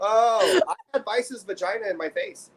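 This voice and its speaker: A man's voice: sits high, moderate pace, over a noisy crowd, rough recording. A man in his forties, a podcast guest, telling stories in casual chat and laughing often. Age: 40s. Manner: laughing, animated storyteller.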